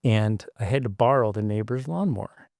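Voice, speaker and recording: With a lowish, creaky, slightly mellow voice at normal speed, this Michigan man in his sixties is heard in studio quality with no room sound. He's a podcast guest reminiscing about his childhood, wandering through asides and tripping on fillers and restarts as he tells his reflective stories.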